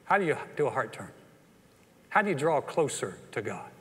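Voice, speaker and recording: A man with a Texan accent preaching a sermon as pastor, telling the story with animated energy and acting out the quotes. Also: mid-range voice, moderate pace, breathy edge. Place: church sanctuary. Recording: long church hall reverb.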